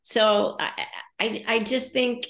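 This middle-aged American coach speaks slowly and thoughtfully on her podcast, dramatizing her own inner voice. Her pitch is on the high side, her tone steady and fairly bright. The audio is reverberant.

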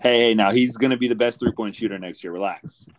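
A man's voice: on the low side, quick pace. A young man hosting a podcast in a laid-back casual chat, calling people "dude" and "brother" a lot. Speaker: podcast host.

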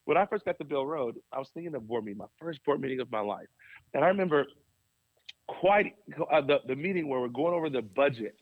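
A man who is a pastor, telling stories as an interview guest in an animated way, laughing often. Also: medium pitch, fast talker, dry recording, phone-quality sound.

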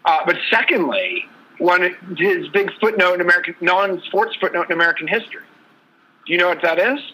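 A man's voice: high-pitched, lively intonation, a little fast, pushed and bright, slight background noise, low-quality recording. A man co-hosting a casual sports talk show, telling a sports story in a loose, rambling way. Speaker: podcast co-host.

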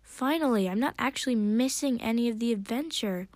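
A woman voicing an earnest young female dragon who speaks in a quick, plain way. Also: fairly high pitch, darkish tone, no room sound, pitched above the performer's own voice, natural voice.

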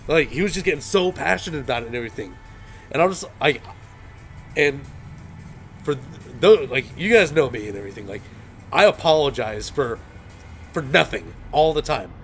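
A young male podcast host chatting casually, rambling through a story with a steady stream of "and everything". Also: mid-range voice, normal speed, pauses often, faint music behind. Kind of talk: casual chat.

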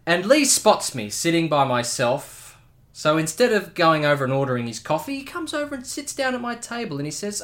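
A man's voice: a little high, big pitch swings, a little fast, fairly bright tone. A man co-hosting a podcast in casual chat, telling stories in a theatrical, mock-dramatic way. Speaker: podcast co-host. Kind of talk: casual chat with comic storytelling.

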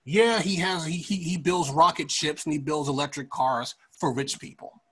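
A man hosting a podcast, giving profane, ranting political commentary in a casual, animated way. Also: on the high side, moderate pace. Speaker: podcast host.

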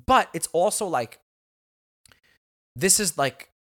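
Animated, rambling male podcast co-host. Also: high-pitched, slow. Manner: rambling, emphatic, swears freely. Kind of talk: casual chat.

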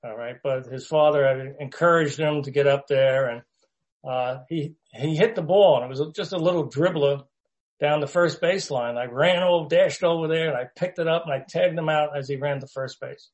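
Man, group leader, casual halting storyteller, slightly higher voice, lots of restarts. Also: muffled recording. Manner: halting, with many fillers and restarts.

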